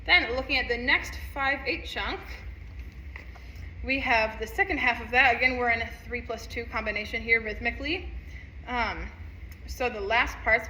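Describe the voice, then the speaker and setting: A woman's voice: on the high side, normal speed, very noisy. A woman teaching a music lesson, counting rhythms aloud and singing passages in an upbeat, encouraging way. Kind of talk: instrument lesson walkthrough. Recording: echoey room, faint ambience.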